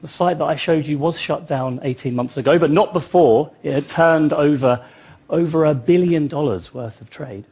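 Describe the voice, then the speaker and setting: A man's voice: fairly high pitch, normal speed, a little mellow, husky. A man giving a public talk, telling it as a story with wry asides. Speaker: speaker.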